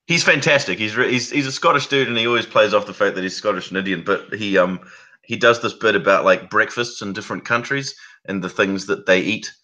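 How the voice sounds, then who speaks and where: A New Zealand man chatting as a guest, his voice low-pitched but bright and forward. He rambles happily through anecdotes, chuckling as he goes. The talk is loose and casual. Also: fairly quick. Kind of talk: casual chat.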